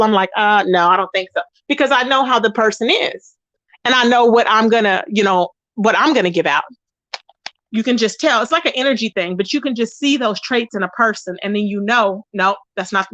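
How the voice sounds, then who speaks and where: A woman's voice: fairly quick, a bit bright, no room sound. A woman hosting a casual gossip commentary channel, sassy and dramatic, talking straight to her viewers as "child" and "baby". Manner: dramatic swoops up into high exclamations.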